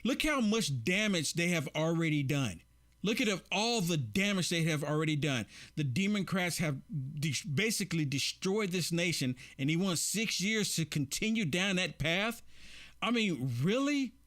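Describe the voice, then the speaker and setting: High-voiced, emphatic male commentator. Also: lively intonation, normal speed, a bit bright. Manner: emphatic, repeats rhetorical questions to viewers. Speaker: political commentary host. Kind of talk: opinion commentary reacting to clips.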